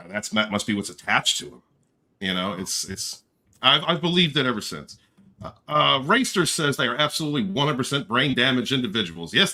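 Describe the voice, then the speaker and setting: Bright-voiced, effusive male livestream host. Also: mid-range voice. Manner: effusive, affectionate shout-outs to chat viewers; playful flirting and joking. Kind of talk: casual livestream chat.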